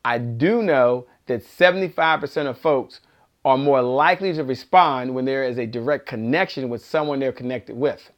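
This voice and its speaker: A man hosting a live online sales talk, energetic and repetitive, driving points home like a preacher. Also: medium pitch, normal speed. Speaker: host.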